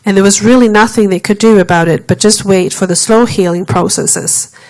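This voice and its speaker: A woman preacher unfolds a story from the pulpit, narrating at a steady, even pace. She slips into the voices of the people in her tale whenever she quotes them, then returns to plain telling. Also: medium pitch, brisk, poor audio. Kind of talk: sermon storytelling.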